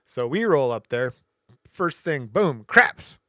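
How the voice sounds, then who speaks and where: A man's voice: medium pitch, takes it slowly, dry recording, clean studio sound. A man from Michigan, a podcast co-host, telling a long story in casual chat and acting out the other people's voices. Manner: animated storyteller, acts out quoted voices.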